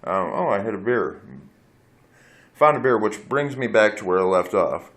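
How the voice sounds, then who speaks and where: Blunt low-voiced man rambling at a phone. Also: animated, normal speed, fairly bright tone. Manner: candid, blunt, swears freely, digressive. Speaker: vlogger. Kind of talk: rambling personal storytelling. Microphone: phone camera.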